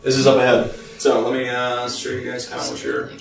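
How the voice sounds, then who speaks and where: A man narrating as game master of a tabletop game, pausing and restarting as he describes scenes. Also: mid-range voice, little pitch movement, gravelly. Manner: halting, many fillers and restarts while describing scenes. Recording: roomy, distant mic, faint music behind.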